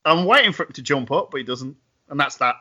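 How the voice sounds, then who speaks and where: Bright man recapping on a podcast. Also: a little high, fast talker, muffled recording. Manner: recaps events, wry and animated. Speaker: podcast co-host. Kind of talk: casual podcast chat.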